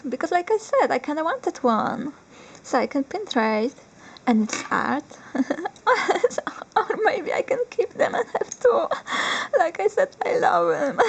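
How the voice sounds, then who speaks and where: A young woman, not a native English speaker, unboxing collectibles on camera, excitable and giggly, squealing with joy now and then. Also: high-pitched, gravelly, slight background noise, rough recording. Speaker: vlogger. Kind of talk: unboxing vlog.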